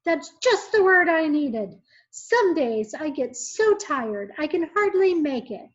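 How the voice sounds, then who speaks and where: A woman reading aloud, voicing a tired, hardworking male mailman who calls out loudly and talks earnestly. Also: sits high, sing-song, slow, highs cut off, voice pushed up, full character voice. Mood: hopeful.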